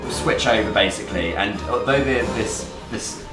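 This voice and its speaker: Low-voiced laid-back game master. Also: male voice, moderate pace. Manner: loose, laughing, swears casually. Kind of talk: casual tabletop game narration. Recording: roomy, off-mic, music behind.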